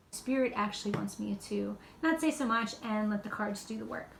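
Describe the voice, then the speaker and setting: A woman's voice: mid-range voice, moderate pace, gravelly, hardly any pauses. A woman giving a casual, rambling tarot card reading in a loose, spiritual way. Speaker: tarot reader. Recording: echoey room with faint background noise.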